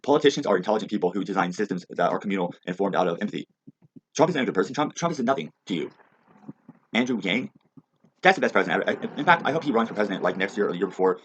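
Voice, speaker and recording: Racing along in a deep, animated voice, an agitated man unleashes a rambling, profanity-laden rant. The audio is muffled and lo-fi, with a faint hiss underneath.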